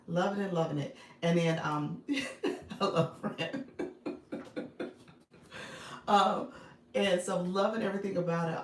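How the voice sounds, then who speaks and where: A woman's voice: mid-range voice, creaky, echoey room, slight background noise. A woman hosting a casual live stream from her phone, chatting with viewers, greeting them by name and laughing often. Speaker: live-stream host and business coach.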